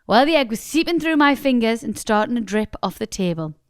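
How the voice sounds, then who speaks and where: Lively high-voiced woman reading a listener story. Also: brisk, clear, resonant tone, dry recording, clean studio sound. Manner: expressive, laughs often. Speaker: podcast co-host. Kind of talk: casual chat, reading a listener story aloud.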